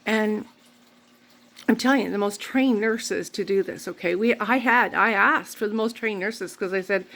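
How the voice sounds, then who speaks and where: A woman talks straight to her audience in a rambling, candid way, circling back and correcting herself as she goes. Her voice has a gravelly, creaky texture at a middle pitch. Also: moderate pace, fairly bright tone. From Canada. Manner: rambling, candid, faith-filled. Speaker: vlogger. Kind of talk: personal storytelling vlog.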